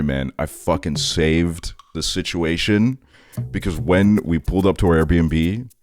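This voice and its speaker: A man's voice: extremely low pitch, darkish tone. A young man casually telling a long travel story, rambling and swearing with lots of filler words. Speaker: streamer. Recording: music bed behind the voice. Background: guitar music.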